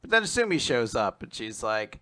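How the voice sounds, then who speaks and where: A man's voice: medium pitch, brisk. A man co-hosting a casual manga recap podcast, retelling scenes and jumping into exaggerated character voices. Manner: animated, acts out characters' lines in exaggerated voices. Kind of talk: casual chat.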